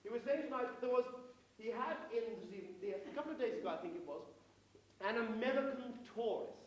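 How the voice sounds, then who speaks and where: A man's voice: very high voice, lively intonation, brisk. A man from England compering an amateur variety show, telling a comic story in mock-pompous stage patter. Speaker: compere telling jokes and singing. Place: amateur theatre stage, live audience. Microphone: far room recording. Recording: echoey distant hall recording.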